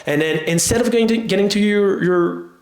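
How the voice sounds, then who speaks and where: A man's voice: high voice, normal speed, a little mellow. A man who is a fitness coach, talking casually and rambling to camera, with slightly English. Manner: rambling, conversational. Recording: roomy echo.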